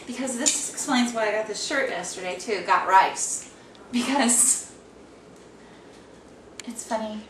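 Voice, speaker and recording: A woman talks to the camera at home in a meandering, quirky way, poking fun at herself. Her voice reaches a distant camera mic through a reverberant room. Steady background noise sits under everything. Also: fairly high pitch, measured pace, pauses often. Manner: quirky, meandering, self-deprecating. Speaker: vlogger. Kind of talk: rambling casual chat to camera.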